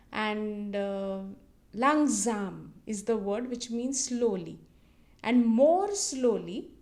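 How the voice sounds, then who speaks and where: Slow, patient woman teaching phrases. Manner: patient, repeats phrases slowly with lifted pitch. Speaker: language teacher. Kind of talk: instructional explanation with slow repetition drills.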